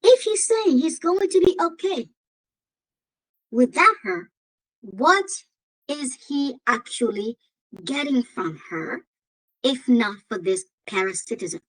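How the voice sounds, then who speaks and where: A woman's voice: high voice, big pitch swings, takes it slowly, pauses often, a bit bright, rough recording. A woman with an African accent hosting a commentary vlog, emphatic and given to repeating phrases and exclaiming. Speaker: host.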